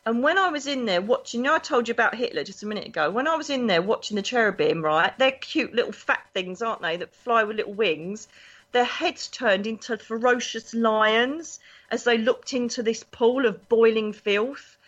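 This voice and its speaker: A woman's voice: fairly high pitch, normal speed. Chatty woman, lo-fi recording. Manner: animated, chatty, acts out voices in her anecdotes. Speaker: psychic guest. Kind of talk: casual storytelling interview. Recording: dull lo-fi recording.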